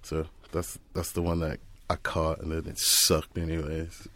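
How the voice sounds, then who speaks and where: A man telling an animated, laugh-filled story as an interview guest, with frequent restarts. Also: extremely low pitch, no echo. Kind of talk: casual storytelling.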